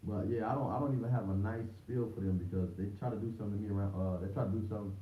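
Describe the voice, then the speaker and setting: A man's voice: fairly low pitch, fairly even intonation, racing. Slangy man on a roomy lo-fi stream. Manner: slangy, rambling, repeats words and restarts often. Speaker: livestream host. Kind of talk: casual livestream talk. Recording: distant roomy, dull lo-fi mic with faint hiss.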